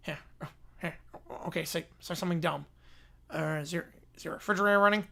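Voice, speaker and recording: A man's voice: fairly high pitch, fast, vocal fry, pushed and bright, pitched below the performer's own voice. A man voicing dim-witted teenage prank callers with a dopey, snickering delivery.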